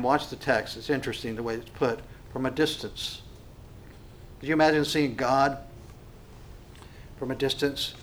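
A man preaching a sermon, emphatic, repeating words and swinging between loud and quiet passages. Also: medium pitch, a little hiss or hum. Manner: emphatic, varies volume, repeats phrases. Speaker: pastor.

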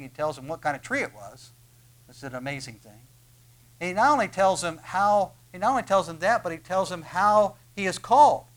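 Man, sermon, dramatic delivery, raised pitch, hushed then loud. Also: rough recording. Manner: dramatic, acts out the story in quoted voices. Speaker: preacher.

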